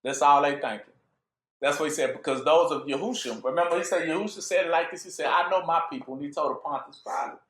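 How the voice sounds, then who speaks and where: A man's voice: fairly high pitch, fast, a bit bright, reverberant. A man teaching scripture in an informal sermon, asking his listeners to fill in words and joking as he goes. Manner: call-and-response questions, joking, laughing. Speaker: bible teacher.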